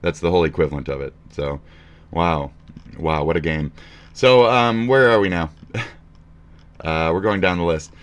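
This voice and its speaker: A streamer reacting to posts rants crudely and mockingly, swearing a lot in an animated commentary. He has a deep voice, speaks at normal speed, and pauses often.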